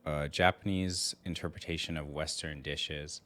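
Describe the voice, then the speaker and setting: A man's voice: rumbling low, fairly even intonation, normal speed, a bit bright. A young man from Markham, a chef, talking in a casual interview, hesitant with many fillers as he explains at length. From Markham, Canada. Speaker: chef and restaurant founder.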